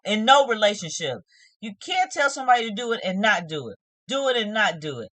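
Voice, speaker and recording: A woman briskly and emphatically recaps a reality show in a casual way, acting out the cast's remarks while scolding them. Her medium-pitched voice is sing-song and a bit bright, with no echo.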